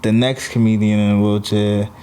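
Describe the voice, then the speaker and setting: A man's voice: lowish voice, level tone, moderate pace, warm tone, smooth. A male comedian with a New York accent, chatting casually as a guest and telling blunt stories about his life, laughing as he talks. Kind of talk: casual chat.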